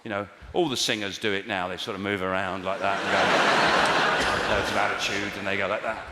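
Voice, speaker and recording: A man's voice: sits low, flat delivery, normal speed, heavy background noise. Wry man doing stand-up in an echoey hall. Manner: wry, rambling, puts on silly voices. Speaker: stand-up comedian. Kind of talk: live stand-up routine. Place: large theatre with an audience. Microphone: stage microphone. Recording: echoey live hall, loud audience laughter.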